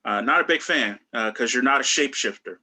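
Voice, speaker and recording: A man's voice: medium pitch, a little fast, bright, forceful tone. A man performing a stand-up comedy set over a video call, rambling loosely with lots of fillers and restarts.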